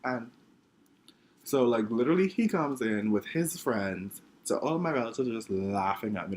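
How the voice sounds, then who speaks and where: A man's voice: medium pitch, lively intonation, normal speed, slight background noise. A young man from the Bahamas, dramatically telling a funny story from his childhood in a self-mocking way. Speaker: vlogger. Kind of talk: story time monologue.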